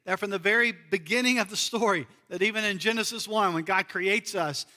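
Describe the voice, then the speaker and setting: A man's voice: high-pitched, fairly quick, bright, forceful tone, big-room sound. A man from the United States preaching a sermon as pastor in a church, earnest and repeating key phrases for emphasis. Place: church sanctuary.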